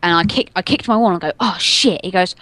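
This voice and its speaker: A woman's voice: a little high, animated, moderate pace, a bit bright, husky. A young adult woman telling a story in casual chat, rambling and giggling, stringing everything together with "and then". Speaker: podcast co-host telling a story.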